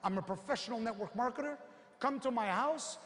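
A man playing a smug, self-styled professional salesman who speaks quietly and persuasively. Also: very high-pitched, a little fast, in a large hall.

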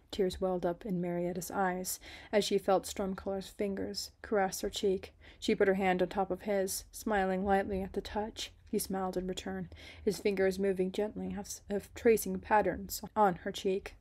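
A woman reading a romance story aloud in a soft, dramatic way. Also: mid-range voice, flat delivery, normal speed, few pauses. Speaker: story reader.

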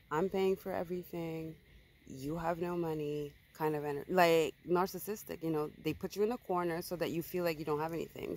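A woman's voice: lowish voice, poor audio. A woman giving a casual tarot reading for viewers, blunt and emphatic, swearing freely and repeating herself for stress. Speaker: tarot reader.

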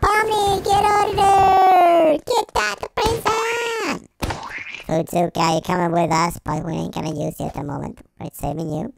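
A performer voicing a cheeky, excitable cartoon chipmunk who gives Roblox let's play commentary through a sped-up, high-pitched chipmunk effect. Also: unhurried, gravelly, slight background noise, full character voice, low-quality recording. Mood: giddy. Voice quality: squeaky, giggly, exclamatory. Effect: sped-up high chipmunk pitch shift.

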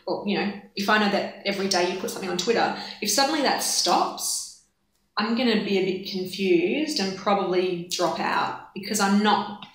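A woman, a guest on an interview, giving marketing advice in a relaxed, chatty way. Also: medium pitch. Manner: relaxed, chatty, laughs easily. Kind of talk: casual interview chat. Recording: echoey room.

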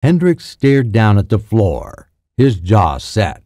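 A man reading an audiobook in a measured, deliberate narration. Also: lowish voice, sing-song, dark tone, no echo, clean studio sound.

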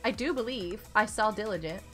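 A woman's voice: medium pitch, fairly quick, fairly bright tone, soft background music. A woman live-streaming a block game, chatting casually and encouraging her friends with lots of giggles.

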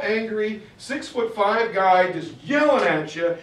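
A man's voice: high voice, lively intonation, slow, few pauses. A man giving a storytelling history lecture, acting out the quotes with shifting voices. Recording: roomy far-off mic recording.

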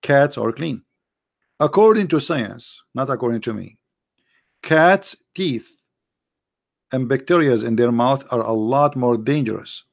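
A man's voice: mid-range voice, a little slow, creaky. A man giving sarcastic, argumentative commentary in broken English grammar. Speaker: religious debater. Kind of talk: mocking commentary.

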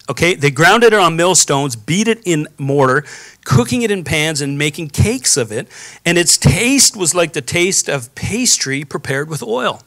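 A man preaching a sermon in a casual, storytelling way, pausing to ask the congregation questions. His voice is bright and forceful, sitting a little high for a man. The sound is dry and close. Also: expressive, no room sound. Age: adult, has children. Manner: conversational preaching with frequent rhetorical questions and asides. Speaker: pastor.

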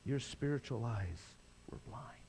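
An older man preaching a sermon as pastor, impassioned, swinging from loud cries to quiet intensity. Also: mid-range voice, expressive, measured pace, creaky, a little hiss or hum.

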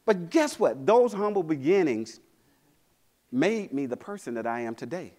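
A man's voice: fairly high pitch, moderate pace. A middle-aged man from Mississippi, giving a motivational keynote speech and telling stories with acted-out quotes. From Mississippi, USA. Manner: animated storytelling, acting out quotes, rallying the crowd. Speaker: motivational speaker. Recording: convention hall.

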